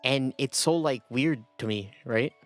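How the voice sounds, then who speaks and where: A man's voice: mid-range voice, a little slow, soft background music. A young man chatting casually on a livestream, rambling and self-deprecating, often breaking into laughter. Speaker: streamer.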